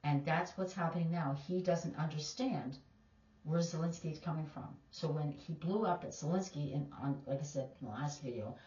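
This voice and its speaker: A woman's voice: low-pitched, normal speed, dark tone. A woman teacher, giving emphatic, opinionated casual commentary. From Canada. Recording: distant, echoey, dull lo-fi.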